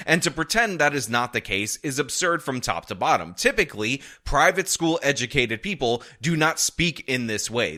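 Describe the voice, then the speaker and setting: A man delivers opinion commentary straight to his viewers, pressing every point with insistence. His voice is bright and tense, at a middle pitch for a man. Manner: emphatic, argumentative, repeats points. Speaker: political commentator.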